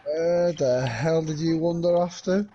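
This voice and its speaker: A man's voice: a little high, measured pace, dark tone, highs cut off. Blunt, teasing man swearing casually. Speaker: co-player on stream. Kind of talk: casual chat while gaming.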